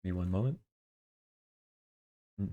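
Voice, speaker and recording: Heard in phone-quality sound, a young man with a low voice streams as a VTuber at a measured pace. He performs his own poems with dramatic flair, then chats playfully with viewers and makes silly noises.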